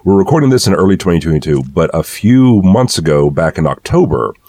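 Deep-voiced man, casual podcast chat. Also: sing-song, fairly quick, warm tone. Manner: thoughtful, rambling with fillers. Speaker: podcast co-host.

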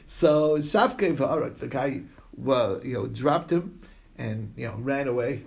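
A man's voice: mid-range voice, expressive, measured pace, creaky, darkish tone. A man teaching a Talmud class in a casual lecture style, reading passages aloud and explaining them in chatty asides, often checking in with his listeners. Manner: storytelling with frequent "okay?" check-ins.

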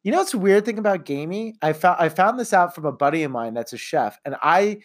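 A middle-aged man chatting casually on a podcast, animated and quick to laugh, with some swearing. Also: high-pitched. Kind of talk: casual chat.

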